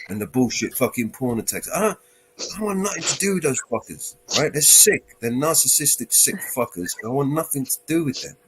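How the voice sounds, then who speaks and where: A man's voice: medium pitch, animated, brisk, slight background noise. A man hosting his own stream, ranting bluntly with plenty of swearing and asking "right?" for agreement. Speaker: channel owner and stream host. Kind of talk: casual stream chat.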